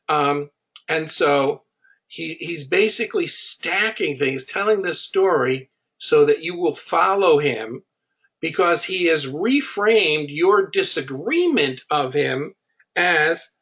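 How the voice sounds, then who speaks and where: A man's voice: a little high, lively intonation, slow, a bit bright, slightly rough. Man breaking down a sales speech. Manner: analytical, quotes and mimics the speaker he studies. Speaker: marketing instructor. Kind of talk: analytical commentary on a recorded speech.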